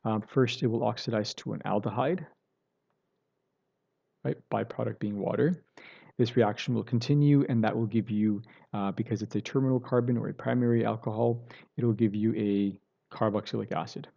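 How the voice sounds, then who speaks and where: Gravelly, low-voiced chemistry teacher lecturing. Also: male voice, fairly even intonation, moderate pace, mellow, muffled recording. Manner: explains step by step, self-correcting, many "right?" and "okay" checks. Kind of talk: recorded online lecture.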